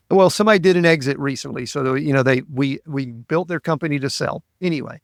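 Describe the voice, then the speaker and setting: A man's voice: mid-range voice, quick pace, vocal fry, hardly any pauses, no echo, studio quality. A man who hosts a podcast and works as a coach, asking reflective, probing questions in a conversational interview.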